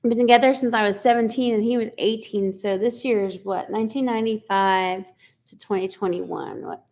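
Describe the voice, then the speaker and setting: A woman in her forties hosts a casual livestream chat, speaking at a medium pitch and a little fast with some vocal fry and a slightly mellow tone. She talks chattily, laughs a lot, and reads viewer comments aloud.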